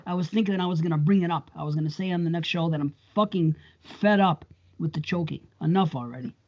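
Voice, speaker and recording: A man's voice: on the high side, quick pace, lo-fi sound. A man co-hosting a podcast, bantering crudely, swearing freely and laughing often. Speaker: podcast co-host.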